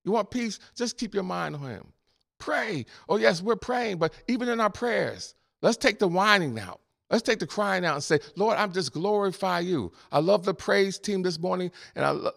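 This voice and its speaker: A man's voice: high voice, gravelly, a bit bright. A man preaching a sermon and leading a closing prayer, fervent and rhythmic, repeating phrases and chuckling between lines. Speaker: pastor.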